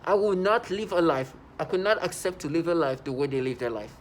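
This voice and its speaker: This agitated vlogger talks a little fast in an expressive, high-ish voice, rambling about personal matters with many restarts and self-corrections. There's some slight background noise.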